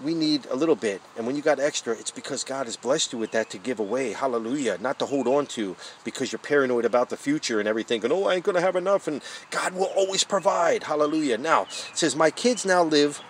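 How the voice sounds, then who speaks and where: A man's voice: medium pitch, fast, few pauses, a little hiss or hum. A man preaching a devotional Bible study outdoors under a tent, fervent and emotional, calling listeners "guys" and "man". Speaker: street preacher.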